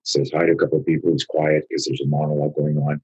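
A man, a martial arts instructor in his fifties or older, telling a story in casual conversation, animated and profane, acting out what people said. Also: rumbling low, fast talker, breathy edge, lo-fi sound. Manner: animated, profane, acts out quotes.

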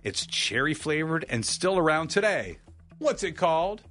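A man co-hosting a radio morning show, reading out trivia questions in an animated, joking way. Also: a little high, soft background music. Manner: animated, reads questions briskly and jokes between them. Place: radio studio. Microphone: studio mic.

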